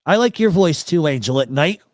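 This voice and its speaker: A man's voice: fairly high pitch, animated, a little fast, no room sound. Blunt, joking New York man hosting. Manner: blunt, joking, swears freely. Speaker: host. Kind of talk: casual livestream chat. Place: home studio. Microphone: expensive studio mic with voice processor.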